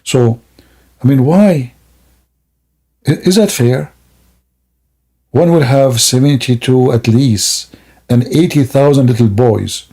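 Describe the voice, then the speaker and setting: Gravelly, husky man mocking on a livestream. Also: medium pitch, takes it slowly, pauses often, warm tone. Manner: mocking, laughing, theatrical asides. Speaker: streamer. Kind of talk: sarcastic livestream monologue.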